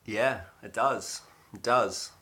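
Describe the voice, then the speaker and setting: An Australian man in his thirties hosts a casual livestream, talking to viewers in a rambling, filler-heavy way. His voice sits low but has a bright, forceful edge. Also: slow. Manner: rambling and chatty, with many fillers. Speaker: livestream host.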